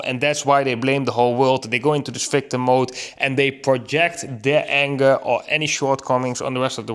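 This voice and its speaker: A man of middle pitch talks straight to his listeners in a reflective personal monologue. He is earnest and thinks aloud, with restarts and rhetorical questions. He drags out the words he wants to land. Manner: earnest, slows down to stress key words. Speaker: vlogger.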